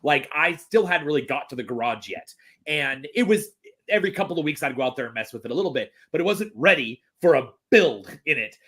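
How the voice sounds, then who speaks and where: A man's voice: fairly high pitch, lively intonation, brisk, a bit bright, husky. A man chatting casually as a podcast guest, rambling with many restarts and fillers. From Texas. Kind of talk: casual chat.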